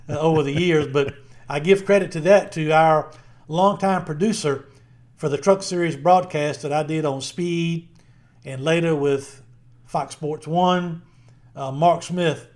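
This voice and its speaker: Chatting as a podcast co-host, this middle-aged Southern Virginia man rambles amiably and leans on lots of fillers. He talks a little slowly, in a higher voice with a darkish tone.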